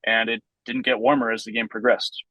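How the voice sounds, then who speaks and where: A man guesting on a podcast, explaining things in a relaxed, casual way with plenty of ums and uhs. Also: mid-range voice, a little fast, dry recording, poor audio. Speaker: vintage base ball club member, guest.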